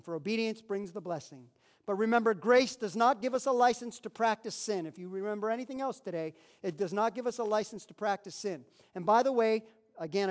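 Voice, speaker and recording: A man preaching a sermon as pastor, folksy and emphatic, leading his congregation to repeat declarations after him. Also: sits high. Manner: leads congregation in call-and-response declarations.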